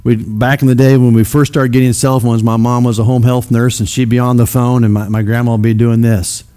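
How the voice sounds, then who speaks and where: A middle-aged man from Missouri spins homespun stories for a congregation, his voice sitting at an everyday middle pitch. He rambles warmly through fillers and restarts, poking fun at himself as he goes. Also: flat delivery, fairly quick, soft background music. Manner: rambling and self-deprecating, with many fillers. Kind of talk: folksy storytelling talk.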